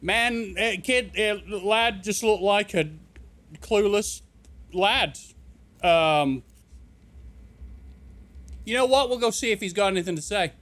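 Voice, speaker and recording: A man's voice: sits high, slow pace, pauses often, a bit bright. A man streaming a video game, commenting casually in a joking, incredulous way. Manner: joking, incredulous, laughs often.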